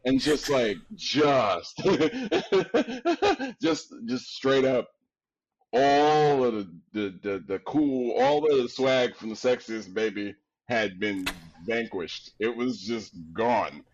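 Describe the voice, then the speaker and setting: A man from Queens tells stories as a podcast guest. His voice is deep and resonant, and his delivery is animated and full of casual slang. The recording is slightly dull and lo-fi. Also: slow pace. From Queens, New York. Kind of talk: casual storytelling chat.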